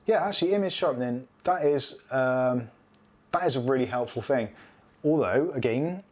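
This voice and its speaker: A man's voice: mid-range voice, animated, normal speed. A middle-aged British man hosting a casual live stream, rambling chattily and reading out viewer comments.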